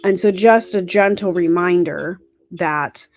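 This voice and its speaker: A livestream host speaks slowly in a low-leaning voice over soft background music, chatty and encouraging as she corrects herself along the way. Her throat sounds dry.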